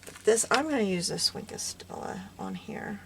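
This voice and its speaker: Losing her voice, a craft vlogger muses aloud at home as she walks through a craft project, often sinking to a murmur. Her mid-range voice swoops wildly in pitch at normal speed with a fairly bright tone, and background noise is clearly audible.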